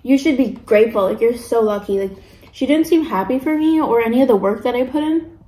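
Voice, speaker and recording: A woman's voice: fairly high pitch, lively intonation, fairly quick, mellow, reverberant, poor audio. A young woman vlogging casually while eating, ranting about pet peeves with lots of fillers. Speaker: mukbang vlogger.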